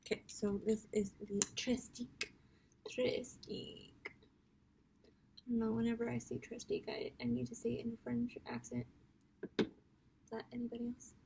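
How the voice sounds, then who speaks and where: A woman's voice: on the high side, level tone, brisk, creaky, background noise. A young woman chatting casually through a makeup tutorial at home, giggling often and slipping into whispers. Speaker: makeup vlogger.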